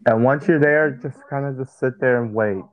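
A man's voice: mid-range voice, moderate pace, narrow, tinny audio. A man chatting casually with his mother and walking her through things step by step, often restarting his sentences. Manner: explains step by step, with frequent restarts. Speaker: son guiding his mother through documents. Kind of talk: casual chat.

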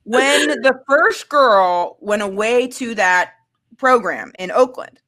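A woman's voice: fairly high pitch, slow pace. Candid woman telling a personal story. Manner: candid, animated, acts out quoted voices. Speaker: storyteller guest.

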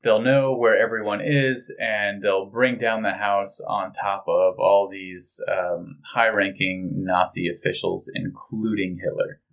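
A man with a fairly low voice chats about a TV episode on a podcast. He is relaxed and talkative, and often steps in to correct the finer points of the plot. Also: a little slow, hardly any pauses. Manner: chatty, corrects details, laughs along. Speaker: podcast co-host. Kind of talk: casual chat.

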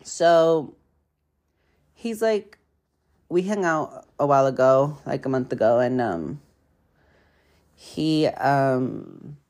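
Very deep-voiced woman, rambling and profane. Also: expressive, slow, pauses often, darkish tone. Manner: rambling, profane, filler-heavy. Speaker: podcast host. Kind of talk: casual storytelling chat.

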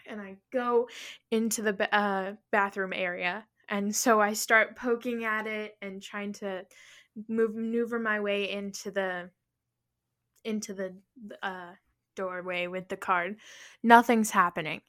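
A young woman co-hosting a podcast, telling a story in a casual, animated way and acting out her own panicked lines. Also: mid-range voice, measured pace. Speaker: podcast co-host.

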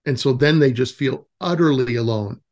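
A man in his forties, director of a nature camp, tells stories as a guest in an informal interview, rambling with plenty of fillers and restarts. His mid-range voice is a little mellow at normal speed, and the recording sounds muffled.

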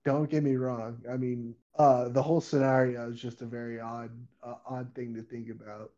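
A man's voice: mid-range voice, flat delivery, moderate pace, dark tone, dull audio. A man who is a guest on a podcast, chatting casually and rambling with lots of fillers. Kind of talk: casual chat on a call.

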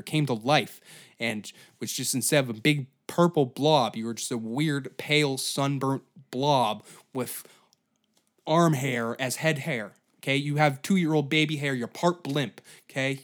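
Young guy podcast host, sweary rambling comic story, kinda high voice, keeps yelling asides. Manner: profane, riffing, jumps into goofy put-on voices and shouts. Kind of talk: comedic storytelling monologue.

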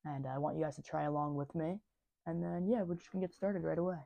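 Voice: mid-range voice, steady tone, fast talker, vocal fry, highs cut off. A vlog host chatting casually and doing tongue twisters, speech slightly slurred by a dental retainer, stumbling and laughing at the slips.

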